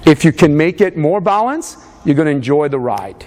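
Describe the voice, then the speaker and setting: A man's voice: fairly high pitch, sing-song, moderate pace, a little mellow. A man leading a motivational fitness seminar, urging a live audience on with lots of energy. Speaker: fitness coach. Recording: reverberant hall.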